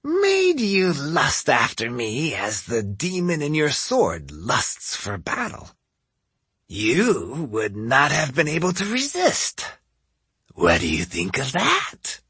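A raspy, higher-pitched old noblewoman, as a male narrator puts her on, sly, vain and teasing, with an imperious edge. Her pitch swoops widely and she drawls her words slowly, in an audiobook reading. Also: huge pitch swings, bright, forceful tone, no echo, exaggerated voice. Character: old woman lady, sly, teasing, vain, drinks and smokes. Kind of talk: audiobook character voice.

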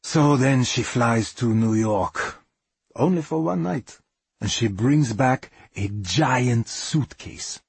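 A middle-aged man telling a dramatic first-person story in plain, non-native English, dropping articles, with a measured, wry delivery. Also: medium pitch, lively intonation, vocal fry, slightly rough, no room sound.

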